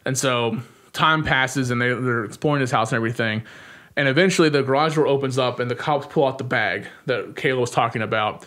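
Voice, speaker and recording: A young man recaps a movie plot in an easygoing podcast chat. His voice sits at an ordinary middle pitch, and he talks in a loose, animated way, full of "like" and "um". He keeps slipping into quick acted-out snippets of dialogue. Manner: animated retelling with frequent "like" fillers and quick acted-out lines. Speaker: podcast co-host.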